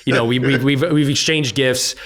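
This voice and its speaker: An outspoken middle-aged man with an English-speaking Canadian accent, chatting as a podcast guest. He jokes a lot and fills his talk with "uh" and "you know", in a voice of ordinary pitch. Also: steady tone, normal speed, fairly bright tone, a little hiss or hum. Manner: joking, outspoken, many fillers. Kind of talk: casual conversation.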